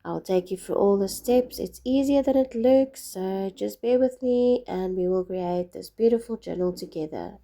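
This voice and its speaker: A woman with a husky voice from being ill, patiently explaining each step of a craft project. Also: mid-range voice, moderate pace, few pauses, warm tone. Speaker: craft tutorial maker.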